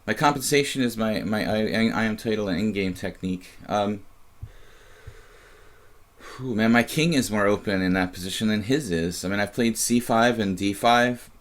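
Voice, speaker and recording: Low-voiced man musing over live chess. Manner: musing, halting, many fillers and restarts. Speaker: chess streamer and commentator. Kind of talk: live game commentary, thinking aloud.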